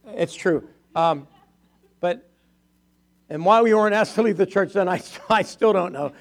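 An older pastor with a gravelly, somewhat high voice tells stories from the pulpit. He talks in a loose, chatty way, laughs often and slips into the voices of the people he quotes. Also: a little slow. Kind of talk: storytelling sermon testimony.

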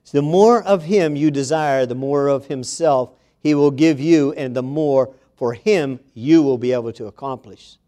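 A man's voice: medium pitch, normal speed, few pauses, warm tone. A man preaching a sermon to a congregation, reading scripture aloud and speaking to his listeners directly with emphasis.

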